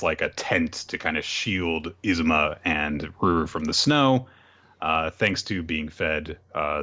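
A man's voice: low voice, a bit bright. A man co-hosting a podcast, chatting casually about a comic and laughing often, in a dull lo-fi recording. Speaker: podcast co-host. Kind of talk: casual chat recapping a comic.

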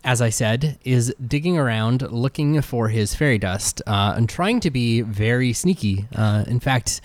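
A man's voice: mid-range voice, a little slow, darkish tone, no room sound. A man narrating as game master, easygoing and full of fillers.

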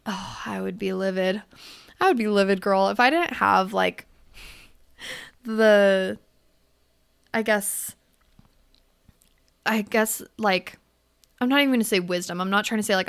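A woman's voice: mid-range voice, gravelly, fairly bright tone, smooth. A young woman hosting a podcast, reading out a listener's letter and giving candid advice with lots of swearing and fillers. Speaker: podcast host. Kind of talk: casual advice talk.

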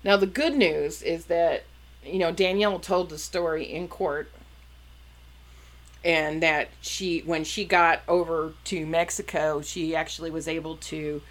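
A woman with a notably low voice tells a long story in casual conversation. She talks loosely, stopping and restarting her sentences and filling pauses with "um" and "like.". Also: steady tone. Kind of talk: casual chat.

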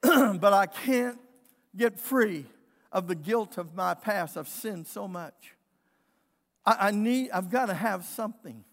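A man's voice: high-pitched, slow, in a large hall. A preacher voicing a desperate repentant woman. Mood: pleading. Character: desperate sinful woman pleading for forgiveness.

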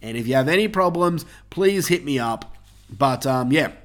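A man's voice: mid-range voice, lively intonation, normal speed. A man hosting a casual podcast, gloating and bragging in a swaggering wrestling-promo manner, with swearing. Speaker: podcast host.

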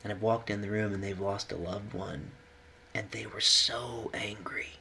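A man speaking as a hospital chaplain in a low-pitched, earnest voice. He talks reflectively with many pauses and restarts, at times getting choked up. A faint hiss sits under the recording. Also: steady tone, creaky, pushed and bright. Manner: earnest, pausing, gets choked up. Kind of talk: reflective conversation.

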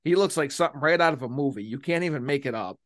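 A man's voice: on the high side, quick pace, a bit bright, no room sound, clean studio sound. Mocking, emphatic man, a podcast host. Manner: mocking, emphatic, drags out key phrases. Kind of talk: solo political podcast commentary.

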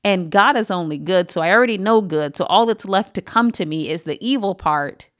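A woman pastor giving an earnest, emphatic Bible teaching on a podcast, pausing often with "um". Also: medium pitch, animated. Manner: earnest, emphatic, with frequent "um" pauses.

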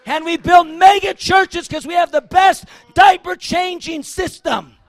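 A man's voice: extremely high pitch, steady tone, measured pace, dry recording, a faint crowd. A man preaching a fiery, emphatic sermon.

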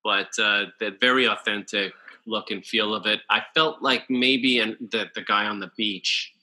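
A man co-hosting a casual film chat, telling anecdotes in a halting way with many pauses and filler sounds. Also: on the low side, steady tone, sharp tone. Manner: halting, many uhs, storytelling.

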